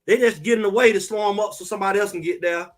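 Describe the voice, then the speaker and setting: A man co-hosting a sports talk show in casual, emphatic chat, trash-talking and animated. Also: sits high, very fast.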